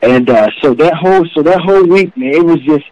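A man's voice: fairly high pitch, fairly quick, darkish tone, highs cut off, a little hiss or hum. A man, a former football player telling an earnest, emotional story in an interview, full of "you know"s.

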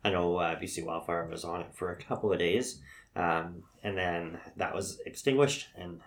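A firefighter chats easily on a podcast, stopping and restarting with plenty of ums. His voice sits very low. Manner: easygoing, halting with fillers. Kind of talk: casual chat.

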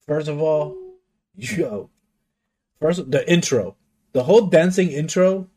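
A man's voice: fairly high pitch, slow pace, dark tone. A man co-hosting a podcast in casual chat, enthusiastic and slangy, often repeating his words. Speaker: podcast co-host.

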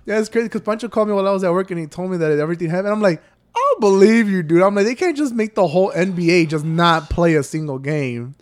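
Man, quick talker, fairly high voice, giggly, casual podcast chat. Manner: laughing, giggly, quick restarts. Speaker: podcast co-host.

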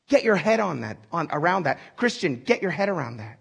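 Briskly and with few pauses, a male pastor delivers a lively sermon in a conversational tone, often asking the congregation questions outright. His voice is fairly high, husky and breathy.

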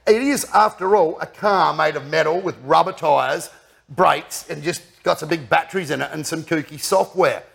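A man's voice: on the high side, moderate pace, vocal fry, a bit bright, breathy edge. A middle-aged man hosting a casual, jokey show, rambling and laughing often. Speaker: podcast host. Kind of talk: casual banter.

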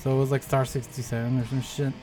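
A man co-hosting a podcast in casual chat, animated and swearing a lot. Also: mid-range voice, quick pace, soft background music. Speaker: podcast co-host.

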